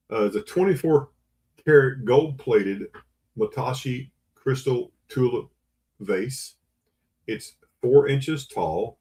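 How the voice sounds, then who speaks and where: A man's voice: mid-range voice, a little mellow. Man running a live online auction. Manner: auctioneer patter, repeating bids and urging buyers. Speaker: livestream auction host.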